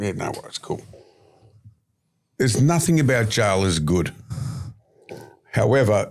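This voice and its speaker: A man's voice: fairly low pitch, gravelly, a little mellow. A middle-aged man with an Australian accent, a podcast guest telling rambling, emphatic stories. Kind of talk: storytelling interview talk.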